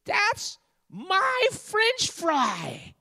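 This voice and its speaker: A man voicing a little girl who cries out that the fries are hers, in a strained high-pitched shout. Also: huge pitch swings, drawn-out words, big-room sound, heavily acted. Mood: whiny, possessive.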